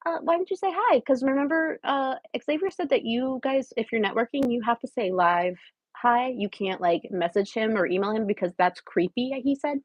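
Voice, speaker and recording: Comedic livestream: woman voicing a wheedling drifter, breathy and high-ish, dry dull sound. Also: normal speed, no room sound, natural voice. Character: scheming homeless woman in her late twenties. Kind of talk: improvised parody livestream.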